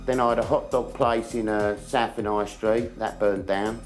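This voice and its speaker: A man's voice: fairly low pitch, steady tone, moderate pace, soft background music. An older man who runs a bar, talking in a brash, showy way and swearing freely. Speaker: bar owner. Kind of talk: casual chat and banter.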